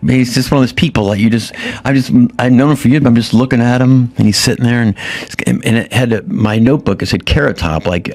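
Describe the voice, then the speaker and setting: A man telling stories in casual chat as a comedian guest, often jumping into high-pitched impressions.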